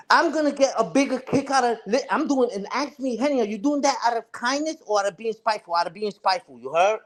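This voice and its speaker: A man's voice: very high-pitched, animated, fairly quick. A man ranting casually on a livestream, taunting and repeating himself. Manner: taunting, repetitive, says "respectfully" and "you heard".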